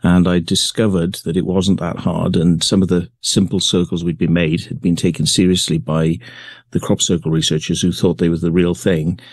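A man being interviewed, talking in a relaxed way with many pauses and fillers. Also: deep voice, no room sound. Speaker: guest, crop circle maker. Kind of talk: remote interview.

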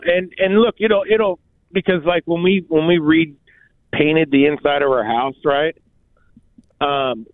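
Animated, high-voiced man on a phone line. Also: no echo. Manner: animated storyteller, acts out quotes, says "like" and "bro" often. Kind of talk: casual chat. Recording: dry, phone-like sound.

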